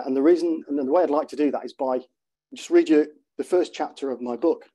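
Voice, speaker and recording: A man's voice: mid-range voice, mellow, breathy edge. A man in his fifties, a former soldier, giving a talk and reading a chapter of his book aloud with dry, self-deprecating humour. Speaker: conference speaker, former soldier.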